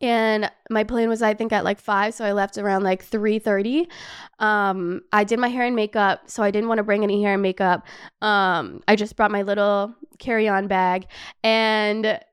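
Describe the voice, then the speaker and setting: A young woman hosting a podcast, telling a travel story in a casual, animated way, laughing often and swearing freely. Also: medium pitch, normal speed, clean tone. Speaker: podcast host.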